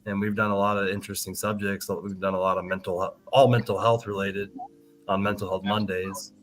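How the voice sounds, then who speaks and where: A man's voice: sits low, little pitch movement, a little fast. A man co-hosting a podcast, talking in an easygoing, conversational way. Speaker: podcast co-host. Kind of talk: casual chat.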